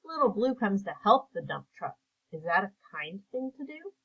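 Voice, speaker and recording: A woman teacher reading a picture book aloud and asking simple comprehension questions in a slow, clear, patient way. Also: medium pitch, big pitch swings, low-quality recording.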